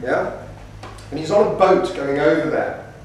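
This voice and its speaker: A man with a slightly high voice speaks a little slowly as he lectures students on debate, an animated storyteller who acts out the quotes he uses. The recording picks him up from afar in a roomy hall and carries a little hiss or hum.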